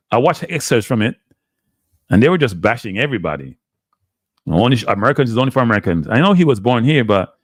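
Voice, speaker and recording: A man with a Jamaican accent hosts a live stream and talks to his chat in a loose, rambling way, sounding exasperated and drifting in and out of patois. His voice sits at a middling pitch, and the recording is close and dry. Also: dry recording. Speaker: live show host.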